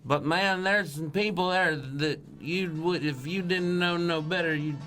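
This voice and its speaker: A man from the Southeastern United States chatting casually, relaxed and easygoing, with some swearing. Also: on the high side, unhurried. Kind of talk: casual chat.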